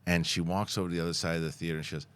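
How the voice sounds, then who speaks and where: Casting note: deep-voiced male podcast host, animated storyteller, laughs a lot. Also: racing, clear, resonant tone. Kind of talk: casual chat and sponsor read.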